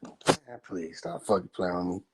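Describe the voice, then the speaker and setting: A man's voice: low voice, slow pace, a little hiss or hum. A man chatting casually on a phone livestream, loose and profane, laughing often. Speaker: livestream host.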